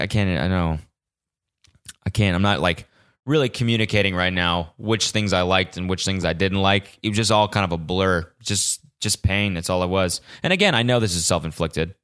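A man's voice: low-pitched, moderate pace, smooth. Young man swearing through a casual podcast monologue. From California. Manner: animated, swears a lot, mimics cheering voices. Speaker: podcast host.

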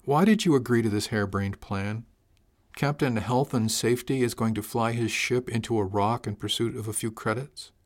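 A man's voice: medium pitch, moderate pace, natural voice. A man voicing a blunt but caring female ship's chief engineer, speaking frankly and practically in an audiobook. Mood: questioning. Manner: frank, practical, gently worried. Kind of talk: audiobook character voice.

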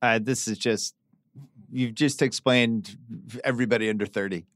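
A man's voice: mid-range voice, steady tone, moderate pace, a bit bright, dry recording. A middle-aged man swaps wry, chatty stories in a mid-range voice. He is recorded close and dry, with no room behind him. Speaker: podcast host. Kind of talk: casual chat.

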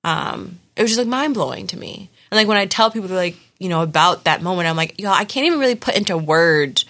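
Young woman guest, lively storyteller, bright forceful voice, slightly low pitch. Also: quick pace. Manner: animated storytelling with many fillers. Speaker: podcast guest telling her birth story. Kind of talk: casual chat.

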